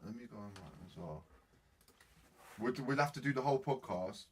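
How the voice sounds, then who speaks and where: Brief: young bloke, low voice, slangy rambling podcast chat, distant faint-noise mic. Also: male voice, expressive, normal speed. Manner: slangy, rambling, laughs often. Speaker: podcast co-host. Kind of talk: casual chat. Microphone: faulty mic.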